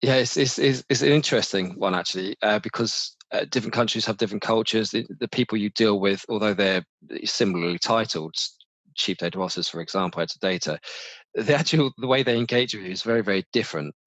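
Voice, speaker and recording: Man, middle-aged, low voice, dry close sound, animated, frequent restarts. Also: quick pace, no echo. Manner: animated, restarts often, mimics others' voices. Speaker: marketing manager, interview guest. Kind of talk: casual interview chat.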